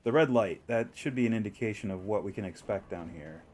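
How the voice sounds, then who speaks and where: A man's voice: fairly low pitch, brisk, darkish tone, a little hiss or hum. A man streaming a video game, chatting casually to himself and the game with frequent chuckles. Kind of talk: casual gameplay commentary.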